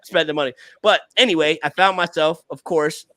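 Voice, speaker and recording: An American man talks casually as a show host, his voice sitting a little high for a man. He tells stories with energy, repeats and restarts words, and drops in "bro". The sound is dry and close. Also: moderate pace, no echo. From United States. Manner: animated storytelling, repeats words, says bro. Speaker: podcast host. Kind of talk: casual conversation.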